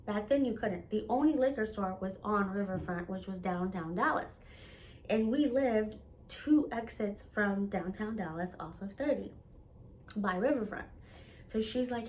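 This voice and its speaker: A woman's voice: mid-range voice, expressive, moderate pace, darkish tone, slight background noise. A young woman telling a rambling personal story in a casual, chatty way, full of fillers and acted-out quotes. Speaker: storyteller host.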